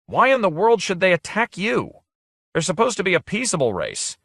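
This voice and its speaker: A commanding, bewildered ship captain, voiced by a man reading a storybook. His tone is forceful and firm, with a lively lilt. The recording is dry. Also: high-pitched, moderate pace, no echo, pitched above the performer's own voice, full character voice.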